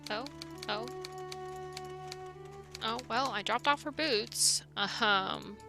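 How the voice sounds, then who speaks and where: A woman's voice: on the high side, very slow. A woman streaming a let's-play, chatting playfully and wryly over the game. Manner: playful, giggly, wry. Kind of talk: casual let's-play commentary. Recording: game music loud behind voice. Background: game music.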